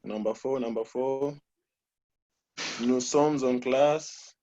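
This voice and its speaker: A man's voice: mid-range voice, takes it slowly, mellow. A man teaching a French class online, patiently correcting students and repeating answers. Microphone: video call. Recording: muffled video call audio.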